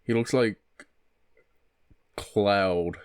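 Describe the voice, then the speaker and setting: A man's voice: fairly low pitch, drawn-out words, smooth. A young man co-hosting a game play-through, rambling with offhand jokes. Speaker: let's play co-host. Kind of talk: casual gaming banter.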